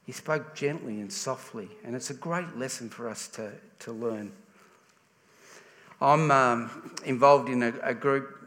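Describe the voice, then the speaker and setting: A man's voice: medium pitch, unhurried, a bit bright. Australian man preaching in a reverberant hall. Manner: conversational, with frequent restarts. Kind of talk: sermon.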